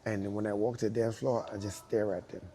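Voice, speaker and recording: A man who judges hip hop dance battles, telling a casual anecdote and acting out what others said in an animated way. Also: fairly low pitch, fast, a little hiss or hum. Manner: animated, acts out quoted dialogue.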